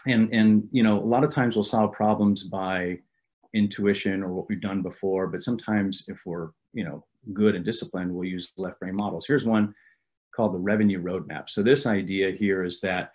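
A man's voice: low-pitched, fairly even intonation, moderate pace, a little mellow. A man presenting a business webinar as a sales consultant, talking conversationally and repeating words as he goes. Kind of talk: business webinar talk with anecdotes.

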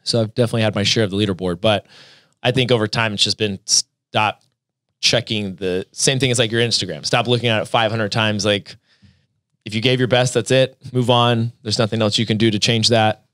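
Give me a low-voiced man in relaxed, joking podcast chat, recorded dry. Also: a little fast, dry recording. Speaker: podcast guest, competitive athlete.

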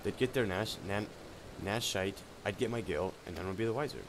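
A man's voice: lowish voice, fairly quick, noisy background, lightly acted. A man doing a sneering crooked guard captain. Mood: scornful. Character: corrupt greedy male guard captain, scornful. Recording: game music loud underneath.

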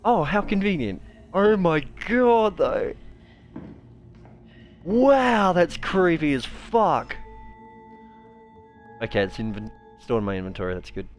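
A man's voice: a little high, big pitch swings, unhurried, faint music behind. A man giving foul-mouthed gameplay commentary, jumpy and cursing constantly. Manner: swears constantly, jumpy, shrieks when startled. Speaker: let's player.

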